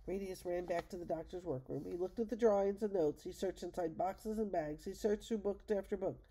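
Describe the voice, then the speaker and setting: Gentle older grandmother reading aloud. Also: fairly low pitch, fairly quick. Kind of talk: read-aloud storybook narration.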